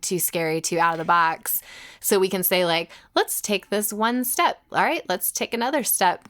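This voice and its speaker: Woman co-host, lowish voice, chatty, laughs easily, casual church talk. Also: a bit bright. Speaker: podcast co-host. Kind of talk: casual podcast chat.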